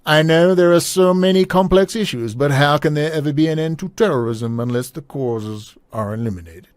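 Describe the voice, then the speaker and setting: A man's voice: normal speed, no echo, studio quality, close to an everyday voice. A man putting on a clumsy posh British voice as a stuffy older royal reading out his own letter. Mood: pompous. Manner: plummy, self-mocking, raised pitch.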